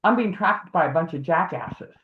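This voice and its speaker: A woman's voice: low-pitched, expressive, a little fast. Rambling woman on a tinny, echoey line. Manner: rambling storyteller who acts out quoted voices. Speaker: guest, advocate for harassment victims. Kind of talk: casual livestream talk. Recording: tinny phone-like echoey audio.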